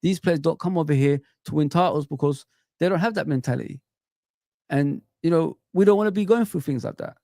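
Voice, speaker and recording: Rhetorical questions and passionate ranting fill this middle-aged host's football live stream as he speaks straight to viewers and chat. His voice is a little high and mellow, with vocal fry and a fairly quick pace. Dry, studio-quality recording.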